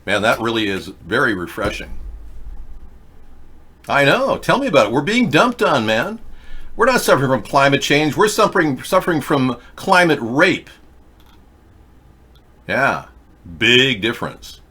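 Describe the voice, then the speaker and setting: A man hosting a political talk show, ranting in a rambling monologue, lurching from loud high outbursts to low mutters. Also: very animated, measured pace, long pauses, husky. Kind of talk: rambling live-stream monologue.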